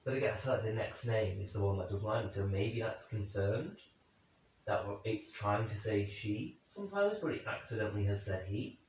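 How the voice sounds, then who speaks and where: Speaking at a moderate pace in a lowish voice, a paranormal investigator muses aloud during a night vigil indoors, addressing questions to spirits. The sound is distant, heavily echoey and dull lo-fi, with a bit of background noise.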